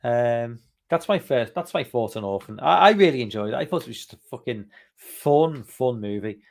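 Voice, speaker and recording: A man's voice: medium pitch, expressive, normal speed, gravelly. A male podcast host rambling casually on a live stream, reading viewer comments aloud and swearing freely. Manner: rambling, loose, swears freely, many fillers.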